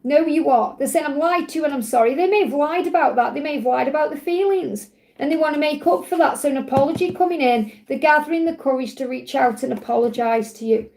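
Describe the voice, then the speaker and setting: A woman with a croaky voice giving a live tarot reading in a soothing, reassuring way. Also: high-pitched, fast, darkish tone. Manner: soothing, reassuring, repeats key phrases. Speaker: tarot reader.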